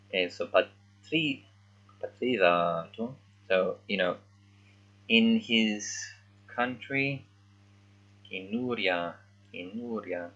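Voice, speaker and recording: A man reading along with a children's book as a language learner, thinking aloud and sounding out words haltingly in casual commentary. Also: fairly low pitch, fairly bright tone, muffled recording.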